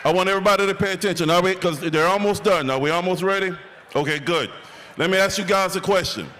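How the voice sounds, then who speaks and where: A man warming up a crowd at a live event, with a preacher-like call-and-response delivery and rhythmic lists. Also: sits high, quick pace, poor audio. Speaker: event warm-up speaker. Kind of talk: rally hype speech.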